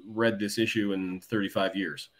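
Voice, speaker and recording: Cartoonist guy breaking down panel layouts, lowish voice, thinks out loud. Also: fairly even intonation, moderate pace. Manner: thoughtful, analytical, with many restarts. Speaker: guest cartoonist. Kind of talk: casual comic book discussion.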